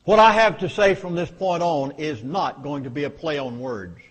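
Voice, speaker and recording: A man's voice: fairly high pitch, moderate pace, husky. Emphatic Southern US man giving a speech. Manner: emphatic, dramatic warnings. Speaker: public speaker. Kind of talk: speech to a live audience.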